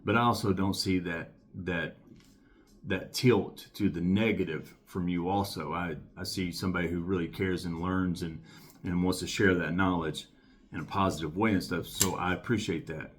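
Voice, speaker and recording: A man's voice: deep voice, fairly even intonation, normal speed. A man giving a casual knife review to camera, talking emphatically and enthusiastically and repeating his points.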